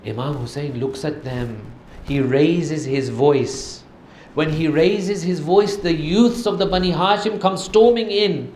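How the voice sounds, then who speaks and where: A man's voice: on the high side, a little slow, a little mellow, a little hiss or hum. Man preaching a dramatic mourning sermon. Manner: dramatic storytelling, voice swelling with grief. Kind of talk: emotional majlis sermon narration. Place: mosque hall. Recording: echoey hall with faint ambience.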